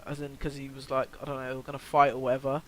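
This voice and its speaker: A man's voice: mid-range voice, monotone, very fast, a bit bright, a little hiss or hum, low-quality recording. A teenage boy tells a storytime vlog in a rambling way, full of fillers and swearing. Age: teens. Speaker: vlogger.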